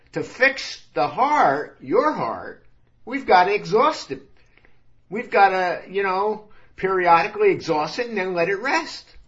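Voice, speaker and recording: A man's voice: sits high, fairly bright tone, dull audio, pitched above the performer's own voice. A man voicing a firm, patient male doctor who lectures his patient on getting healthy. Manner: level, lecturing advice.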